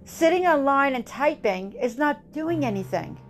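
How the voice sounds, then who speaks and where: Woman, fairly high voice, impassioned political monologue, emphatic, repetitive, grave warnings, faint music behind. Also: lively intonation, normal speed. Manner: emphatic, rousing, repeats lines for effect.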